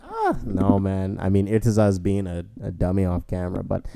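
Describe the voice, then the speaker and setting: A man's voice: deep voice, sing-song, normal speed, creaky, mellow, no room sound, clean studio sound. A young man co-hosting a podcast, telling stories in a rambling casual way with many fillers. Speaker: podcast co-host. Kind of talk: casual storytelling chat.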